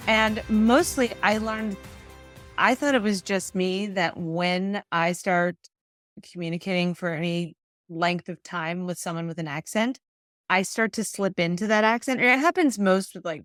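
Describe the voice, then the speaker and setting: A woman's voice: medium pitch, steady tone, measured pace, fairly bright tone, no echo, soft background music. A woman co-hosting a podcast in casual chat, teasing and bantering with a laugh. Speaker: podcast co-host.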